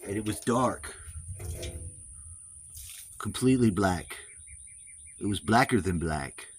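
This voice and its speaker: A man in an American accent telling a rambling story while walking outdoors, playful with crude asides and drawn-out dramatic phrasing. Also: fairly low pitch, expressive, a little hiss or hum. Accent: American, put on.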